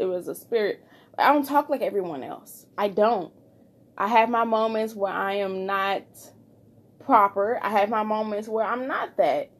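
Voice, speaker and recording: A woman hosting her own podcast, giving an informal, heartfelt spiritual pep talk with lots of repetition. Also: medium pitch. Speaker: podcast host. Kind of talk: casual spoken devotional encouragement.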